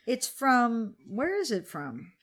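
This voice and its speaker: A woman's voice: a little high, big pitch swings, slow pace, fairly bright tone. A woman in her forties hosting a casual podcast chat over wine, candid and grumbling, swearing freely. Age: 40s. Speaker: podcast co-host.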